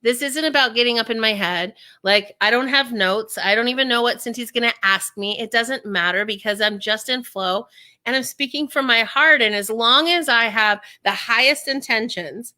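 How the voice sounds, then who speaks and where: A woman in her thirties talks in a lively, casual interview, voicing the people she quotes as she goes. Her voice sits a bit high and sounds very bright. She speaks as a coach. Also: normal speed. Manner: animated, acts out quoted voices.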